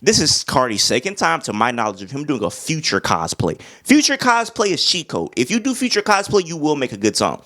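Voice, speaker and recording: A young man talks through an album in a loose, casual way, full of slang. His voice sits a bit high for a man and swings widely up and down. He keeps breaking into hummed beats and imitations of rappers. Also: huge pitch swings, brisk, few pauses, fairly bright tone. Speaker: music reviewer.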